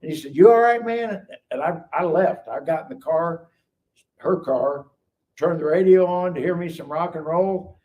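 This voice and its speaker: A man's voice: on the high side, steady tone, moderate pace, dark tone. A man, telling his life story as a guest and acting out the dialogue. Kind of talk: casual testimony storytelling. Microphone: live stream call mic. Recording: distant mic with faint noise.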